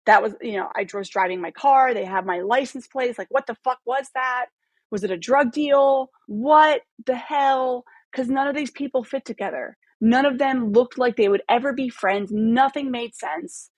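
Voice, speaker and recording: A woman in her thirties, a podcast guest telling a long story in a casual, animated way, swearing freely and acting out the dialogue. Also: fairly high pitch, normal speed, no echo. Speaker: podcast guest, photographer and former model.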